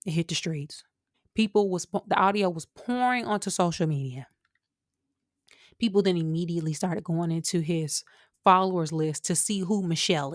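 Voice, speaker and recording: A woman hosts her podcast in a casual, animated monologue and keeps turning to her listeners. Her voice sits at a middle pitch. The sound is dry and close, with no room in it. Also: no room sound. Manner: chatty and animated, with asides to listeners. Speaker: podcast host.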